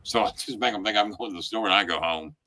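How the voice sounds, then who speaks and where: A man with a lowish, forceful voice hosts a talk show and tells a story in blunt, heated bursts. He swears constantly and pushes hard on key words, building emphasis as the story goes on. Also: fast. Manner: relives the story with rising emphasis. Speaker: show host. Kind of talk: profane storytelling chat.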